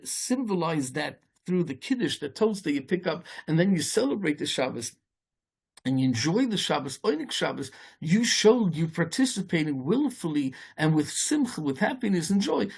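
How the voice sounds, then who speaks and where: Gravelly husky-voiced rabbi preaching. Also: male voice, a little mellow. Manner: halting, many restarts, peppered with Yiddish and Hebrew terms; storytelling, rising in pitch as the tale builds. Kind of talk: informal Torah talk.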